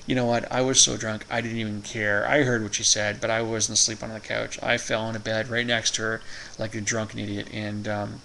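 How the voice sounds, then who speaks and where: A man's voice: on the low side, level tone, a little fast, creaky, sharp tone, slight background noise, low-quality recording. A man vlogging, telling a rambling funny story and chuckling often. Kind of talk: casual storytelling.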